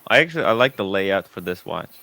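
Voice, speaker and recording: A man with a low voice and very lively, wide-ranging pitch chats casually. He exclaims often and gushes with enthusiasm. He swears freely. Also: fast talker, no echo, poor audio. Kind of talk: casual chat.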